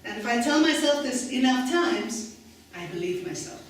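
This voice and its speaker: A woman on stage voicing her lively ninety-two-year-old aunt, who speaks with a slight foreign accent in an emphatic, encouraging way. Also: sits high, normal speed, a little hiss or hum. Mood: upbeat, wise. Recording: echoey hall from far off.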